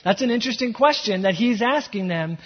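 A man's voice: high-pitched, lively intonation, fairly quick, husky. A man preaching a sermon as pastor, telling the scene like a story and building to impassioned emphasis. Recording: echoey hall, dull lo-fi sound.

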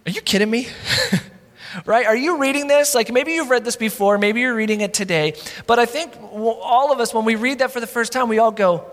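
A male pastor delivers a conversational sermon in a high voice. He slips in wry asides and punches his rhetorical questions hard. Long reverb from the church sanctuary trails each phrase. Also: brisk, a bit bright.

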